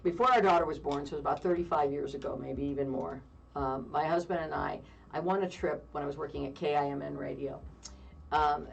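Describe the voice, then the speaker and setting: A woman in her fifties co-hosting a radio talk show, telling a long story in a lively way with frequent laughter. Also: low-pitched, gravelly, dull audio. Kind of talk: casual on-air chat, storytelling. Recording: distant mic with faint background noise.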